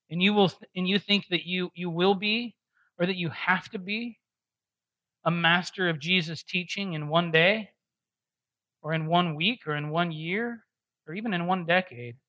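A man with a fairly high, bright, forceful voice gives a conversational sermon. He tells a personal story with animated, self-deprecating humor and laughs often as he goes. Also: muffled recording. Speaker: pastor.

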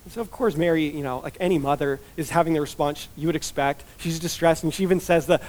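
A man's voice: fairly high pitch, animated, quick pace, hardly any pauses, darkish tone. A man giving a conversational expository sermon as a pastor, chatty and informal, full of "like" and "you know" asides.

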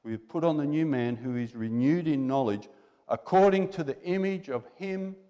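His voice is warm and a little high, moving at a moderate pace, as this man preaches a sermon in a church hall. Talking conversationally, he exhorts his hearers and asks rhetorical questions, and the recording carries long reverb from the hall.

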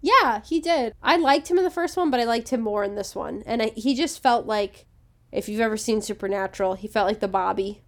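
A woman's voice: fairly high pitch, brisk. A young woman co-hosting a podcast, giving frank, confident opinions in casual chat. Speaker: podcast co-host.

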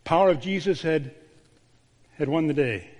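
A man, a pastor, delivering a sermon with a storytelling manner, dropping to a hushed voice on key words. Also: a little high, lively intonation, moderate pace. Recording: long church reverb.

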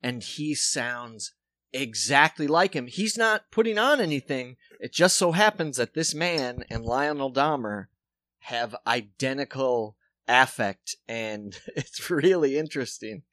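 A man's voice: medium pitch, lively intonation, unhurried, fairly bright tone, no room sound. A man from South Dakota in casual podcast chat, telling stories animatedly with swearing and restarts.

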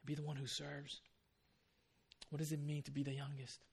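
A man preaching a conversational sermon as pastor. He tells stories with energy and drops to a soft, quiet voice for reflective points. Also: on the high side, moderate pace, gravelly, slightly rough. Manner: conversational, animated when telling stories.

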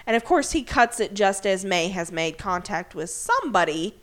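A woman's voice: mid-range voice, animated, normal speed, hardly any pauses, fairly bright tone. A woman co-hosting a podcast, casually recapping a TV episode, acting out characters' lines and swearing freely. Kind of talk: casual chat.

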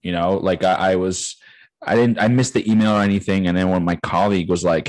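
On a rough, dry recording, a low-voiced man in his late thirties speaks a little fast. As a podcast co-host in casual conversation, he tells an animated, profanity-laced story, performing other people's lines and laughing frequently.

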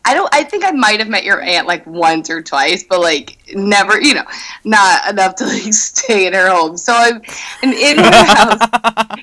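A woman's voice: mid-range voice, lively intonation, a little slow, sharp tone, low-quality recording. A woman co-hosting a podcast in casual chat, reacting with short comments and laughter. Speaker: podcast co-host.

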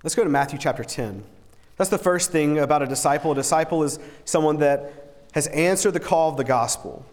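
A man delivers a sermon in a church sanctuary, his voice sitting a bit higher than most men's. He talks earnestly and conversationally, often stumbling back over a word before pressing on. A long reverb trails each phrase through the big room. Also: fairly quick, a little mellow. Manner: earnest and conversational, often repeats words and restarts. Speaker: preacher. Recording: long reverb in a large hall.

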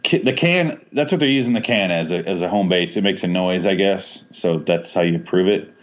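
A man's voice: sits low, brisk. A man co-hosting a podcast, chatting casually about a movie, cursing freely and laughing often. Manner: profane, laughing, animated storytelling. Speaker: podcast co-host. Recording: dull lo-fi audio.

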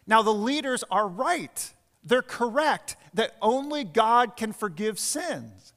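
A man's voice: high-pitched, animated, slow. A man preaching a sermon as pastor, telling stories and then driving home his points with emphasis. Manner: storytelling preacher, shifts between quiet asides and emphatic points. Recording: long reverb of a church hall.

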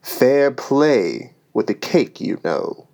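Man as a drowsy storybook lion, deep lazy drawl, words stretched out slowly. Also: big pitch swings, gravelly, darkish tone, heavily acted. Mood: sleepy, languid. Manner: drawling, yawning between words. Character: weary sleepy male lion, deep and slow.

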